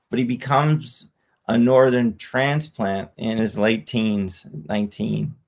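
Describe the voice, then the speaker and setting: Author guest, male, lowish voice, a bit hoarse, earnest, repeats points. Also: flat delivery, slow pace. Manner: earnest, explanatory, repeats phrases. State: slightly hoarse. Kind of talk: podcast interview.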